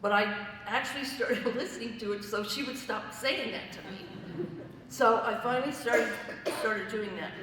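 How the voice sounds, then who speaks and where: A woman's voice: fairly high pitch, normal speed, fairly bright tone. A woman giving a personal testimony at a church fellowship, telling her story conversationally and in vivid detail. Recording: echoey hall, voice from far off, faint noise.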